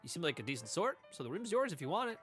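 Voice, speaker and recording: A man putting on a warm-hearted frontier barkeep speaks in a raised, sing-song drawl. The voice is bright and keeps bouncing around as he chats, with quiet game music underneath. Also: fairly high pitch, very animated, rapid-fire, voice pushed up. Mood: welcoming. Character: friendly cowboy saloon keeper, male, welcoming.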